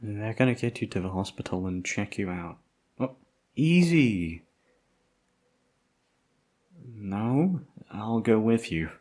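A male voice actor playing a tough, tender bodyguard in whispered role-play, talking in a hushed, husky, soothing way. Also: fairly low pitch.

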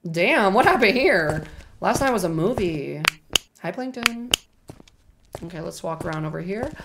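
A young woman streaming a game live, chatting to her viewers with loud, slangy, profane outbursts over game music. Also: medium pitch, animated, a little slow, noisy background.

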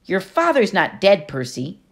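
A woman's voice: mid-range voice, huge pitch swings, unhurried, voice pushed up. A woman reading an audiobook, voicing a clever, self-assured teenage girl who explains things patiently and knowingly.

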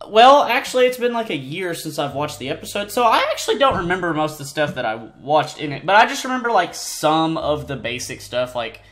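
A male gaming host chats his way through a game from his home setup. He jumps between low mumbles and high, excited squeals and keeps undercutting himself. Faint game music plays behind him. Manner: rambling and self-deprecating, with sudden excited squeals. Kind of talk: casual gameplay commentary. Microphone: desk mic, no face cam.

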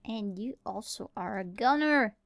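A woman's voice: mid-range voice, expressive, unhurried, vocal fry, dry recording. A woman giving rambling, playful let's-play commentary as she plays alone, talking to herself and to the animals she meets. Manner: rambling, playful self-talk. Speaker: gamer playing solo.

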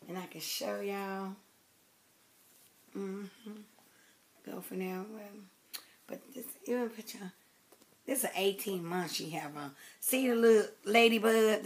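A woman chatting casually to her viewers about her baby doll in a rambling, affectionate way, often dropping to soft murmurs as she works. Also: mid-range voice, a little hiss or hum. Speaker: doll collector vlogger. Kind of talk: casual chat to camera.

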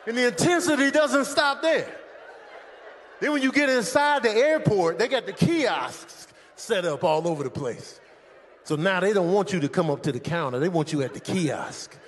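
A man with a very high voice performs live stand-up on a comedy stage, talking into a handheld mic. He is animated and often bursts into shouted impressions of airport staff. A faint hum of noise sits under his voice. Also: moderate pace. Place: comedy stage with a laughing audience.

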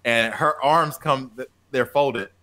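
A man, a teacher who co-hosts a podcast, tells a classroom story in casual chat. His voice is mid-range and slow, and he's animated, acting out quoted lines in a raised voice.

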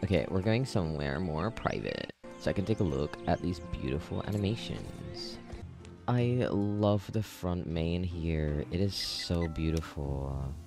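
A man giving casual gameplay commentary, gushing and excitable with frequent gasps. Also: deep voice, unhurried, vocal fry, music in the background. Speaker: gaming video creator.

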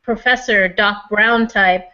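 A woman's voice: medium pitch, steady tone, slow, pushed and bright. A woman co-hosting a casual discussion, asking long rambling questions with many restarts. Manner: talks in long questions full of restarts and fillers. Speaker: podcast co-host. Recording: dull lo-fi recording.

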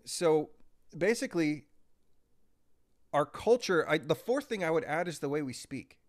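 A man's voice: fairly high pitch, expressive, a little slow. A man, a breathwork coach, talking energetically and impulsively as a podcast guest, acting out his examples. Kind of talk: casual podcast conversation.

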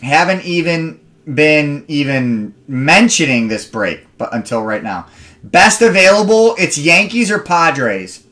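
A man's voice: on the high side, very animated, unhurried, bright, forceful tone. A young man hosting a live card break stream, chatting with viewers and rambling into stories between picks.

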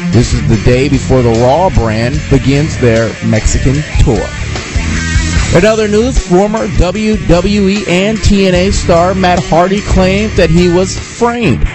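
Guy reading news briskly like an announcer, guitar music behind, bit high voice. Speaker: news reader. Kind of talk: scripted news read. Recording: news segment over music.

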